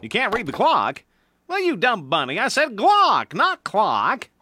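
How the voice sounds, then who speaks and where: A man's voice: high voice, huge pitch swings, normal speed, sharp tone, husky, dry recording, studio quality, exaggerated voice. A man playing a folksy country fellow in a radio ad, talking to the listeners and scolding a sidekick. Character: folksy country man sorting old guns.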